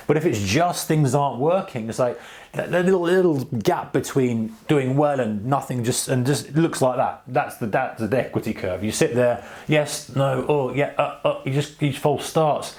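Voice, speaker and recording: Speaking to camera, a British man who hosts a trading channel gives casual advice in a rambling, animated manner, acting out his own inner voice. His voice is mid-range and his pace is normal.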